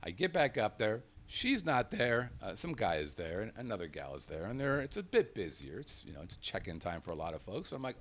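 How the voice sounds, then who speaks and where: A man telling a travel story in a casual, animated way, swearing freely and acting out the dialogue himself. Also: fairly low pitch, a little fast, hardly any pauses. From Las Vegas, USA.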